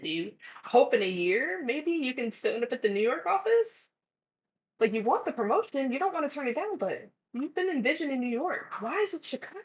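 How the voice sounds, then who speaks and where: A chatty woman speaks casually to her viewers, giving advice in a relaxed vlog. Her voice sits at a middling pitch, and the audio is a touch dull and lo-fi. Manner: chatty, acts out conversations. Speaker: vlogger.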